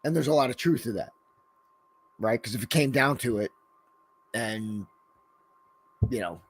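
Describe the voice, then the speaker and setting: A man's voice: medium pitch, measured pace, slightly rough. A man co-hosting a podcast in loose, rambling casual chat, swearing freely and filling gaps with "you know.". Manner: rambling and profane, full of "you know" fillers. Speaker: podcast co-host.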